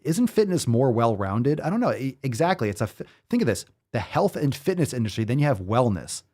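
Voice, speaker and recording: A man's voice: mid-range voice, big pitch swings, brisk, darkish tone. A man hosting a fitness show, ranting with profanity, incredulous and full of rhetorical questions. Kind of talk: ranting commentary.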